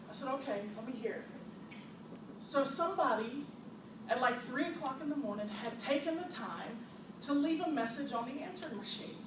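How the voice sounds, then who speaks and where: A woman who owns a store, telling animated customer stories to an audience with frequent laughter. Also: a little high. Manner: animated, laughs often, acts out customers' quotes. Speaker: store owner presenting to a business audience. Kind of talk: storytelling presentation. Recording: distant, echoey, noisy room recording.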